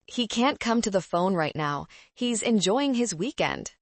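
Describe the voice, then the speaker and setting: A woman's voice: mid-range voice, expressive, measured pace, no echo. A woman voicing a scornful young bride-to-be who talks down to people in a sneering, condescending way.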